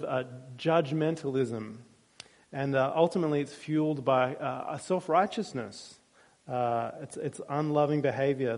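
A man's voice: medium pitch, darkish tone. A male pastor preaching a sermon in a church, conversational and with dry humor.

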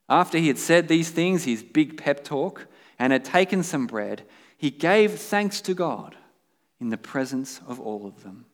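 Guy pastor giving a sermon, mid-pitched voice, earnest, lots of rhetorical questions, long hall echo. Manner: earnest preaching, rhetorical questions, emphatic rises.

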